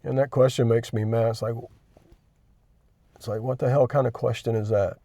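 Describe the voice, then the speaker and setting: A man hosting his own channel, talking candidly and emotionally about his faith, halting and restarting as he gets worked up. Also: medium pitch, steady tone, creaky, mellow, no room sound. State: chronic pain. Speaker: Christian video host. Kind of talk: emotional personal reflection.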